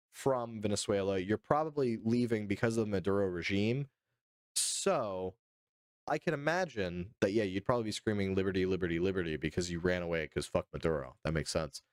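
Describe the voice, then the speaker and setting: A man's voice: fairly low pitch, clear, resonant tone, no room sound, clean studio sound. A man from Georgia streaming live, reacting casually to news and joking back and forth with his viewers. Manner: jokey, playfully indignant, addresses chat directly.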